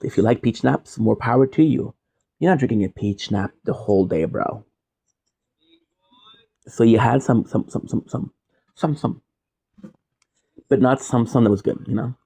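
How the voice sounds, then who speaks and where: With long pauses, this Quebec man speaks at normal speed in a medium-pitched voice that is creaky, mellow and husky. As a streamer, he delivers a jokey, rambling monologue that keeps drifting into tangents.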